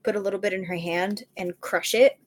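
A woman playing a tabletop game, describing what her character does in a quick, matter-of-fact way. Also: mid-range voice, steady tone. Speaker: player.

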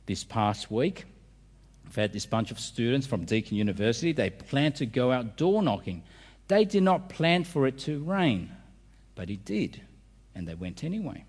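A man preaching a sermon, lively and emphatic, asking the listeners questions. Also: mid-range voice, unhurried. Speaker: pastor. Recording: long hall reverb.

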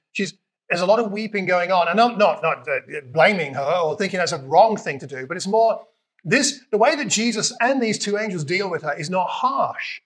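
A man with a British accent preaching a conversational sermon, retelling scripture and acting out lines with lively emphasis. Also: fairly high pitch. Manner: conversational, animated, acts out quotes with raised voice.

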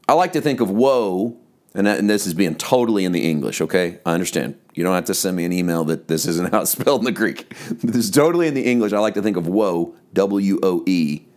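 A man, a pastor, giving a conversational devotional podcast teaching, slowing down to stress key words. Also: lowish voice.

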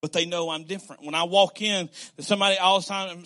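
A man preaching a sermon in a conversational, animated way, repeating phrases and acting out quoted conversations. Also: high voice, fast. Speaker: pastor.

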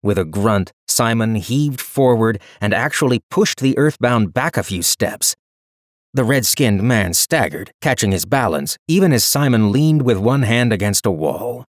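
A man giving scripted narration of a fantasy story in a steady storytelling manner. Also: mid-range voice, a little slow, dry recording, studio quality.

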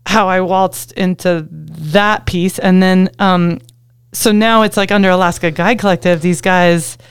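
Animated woman saying "like" a lot. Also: lowish voice, a little slow, clean tone, dry recording. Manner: animated, says "like" often, upbeat. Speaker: ski guide and avalanche instructor. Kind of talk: casual podcast chat.

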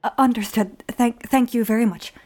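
A woman's voice: fairly high pitch, fairly even intonation, normal speed, a little mellow, lightly acted. A woman voicing a nervous, overly formal male assistant who stammers and over-explains. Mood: flustered.

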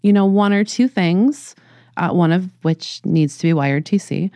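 A woman's voice: on the low side, dark tone, no room sound, studio quality. A woman co-hosting a casual podcast, upbeat and enthusiastic, talking about summer learning for teachers. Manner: upbeat, enthusiastic, quick to laugh. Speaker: podcast co-host, ed-tech organizer.

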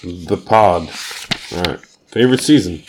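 A man co-hosting a podcast, teasing and firing off quick questions in casual chat. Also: sits low, lively intonation, slight background noise. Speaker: podcast co-host.

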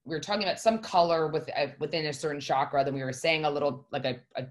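A woman's voice: low-pitched, quick pace. A woman telling a personal story in casual conversation, blunt and emphatic, swearing freely and speaking from the heart. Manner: heartfelt, confessional.

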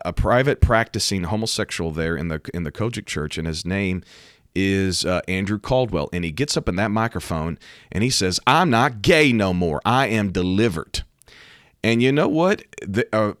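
An American man, a preacher, talking emphatically about faith and current events and rising to loud, animated outbursts. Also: fairly low pitch, no room sound, clean studio sound. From United States. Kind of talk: preaching commentary to camera.

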